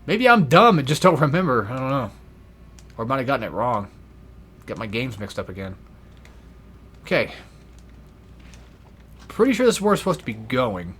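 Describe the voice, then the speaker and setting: A man's voice: mid-range voice, big pitch swings, moderate pace, long pauses, fairly bright tone, breathy edge. A young man giving casual gameplay commentary, rambling and swearing freely with self-deprecating asides. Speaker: let's play gamer.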